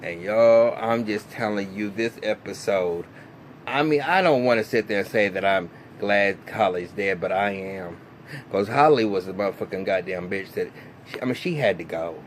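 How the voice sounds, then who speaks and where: A man, recapping a TV episode in a casual, animated, profane way full of fillers and restarts. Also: on the low side, moderate pace, slight background noise. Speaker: TV recap vlogger.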